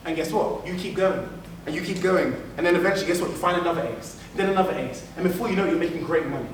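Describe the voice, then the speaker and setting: Guy with a high voice hyping up a crowd at a business talk, sounds far from the mic in a big echoey hall. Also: rapid-fire, slight background noise. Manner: animated, repeats phrases for emphasis, acts out quoted people. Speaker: keynote speaker. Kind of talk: motivational business keynote.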